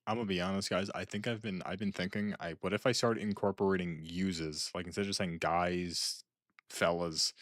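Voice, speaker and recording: A young man with a low, deep voice rambles and jokes as he reacts to videos, restarting and trailing off. The sound is close-miked and dry, with no room echo. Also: fairly even intonation, normal speed, a bit bright. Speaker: streamer. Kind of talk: casual chat reacting to videos.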